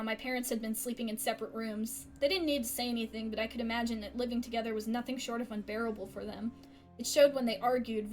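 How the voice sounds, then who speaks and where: High-voiced woman reading a story game. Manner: expressive, gasping reactions. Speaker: gaming streamer.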